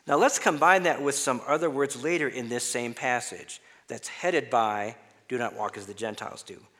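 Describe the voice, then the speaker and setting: Long hall reverb fills the recording as a pastor gives an expository sermon in a church sanctuary. His voice is medium-pitched and a bit bright, and he reads scripture before explaining its words conversationally.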